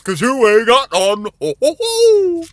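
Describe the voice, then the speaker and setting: A man's voice: extremely high pitch, huge pitch swings, measured pace, very noisy, voice pushed up, heavily acted. A man voicing a taunting deer that mocks in a gloating singsong with jolly ho-ho laughs.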